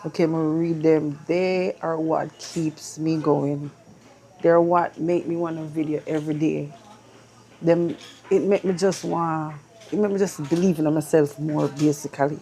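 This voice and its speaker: A woman's voice: deep voice, steady tone, a little slow, warm tone. Emotional woman vlogging. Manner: emotional, mixes in patois. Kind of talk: casual vlog chat. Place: dentist's waiting room.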